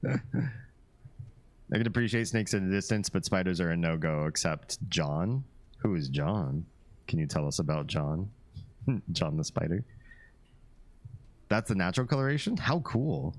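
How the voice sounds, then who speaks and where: A man's voice: low voice, unhurried, pauses often. A man hosting a live stream, chatting casually with viewers, reading their comments and laughing often. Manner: relaxed, chatty, laughs often, reads chat aloud.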